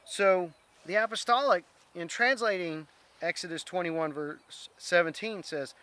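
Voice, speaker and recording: A man's voice: high voice, a little slow, pushed and bright. A man teaching an informal Bible word study, earnest, reading scripture aloud and stumbling over Greek words.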